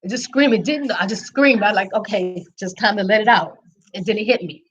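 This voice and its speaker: A woman candidly telling her personal story of infertility and faith, reflective, with frequent pauses and restarts. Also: mid-range voice, husky, dull audio. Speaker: speaker sharing her story. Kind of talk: personal testimony, casual storytelling.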